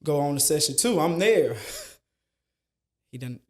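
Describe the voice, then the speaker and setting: A man's voice: on the high side, unhurried. A man who coaches basketball, telling stories in a casual interview and repeating phrases for emphasis. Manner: animated storyteller, repeats phrases for emphasis, slangy.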